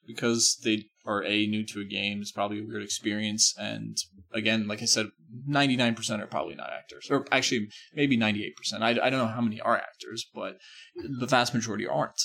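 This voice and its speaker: A man's voice: lowish voice, steady tone, fast, vocal fry, bright, forceful tone. A man hosting a podcast in casual chat, talking in a rambling, emphatic way and correcting himself as he goes. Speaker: podcast host.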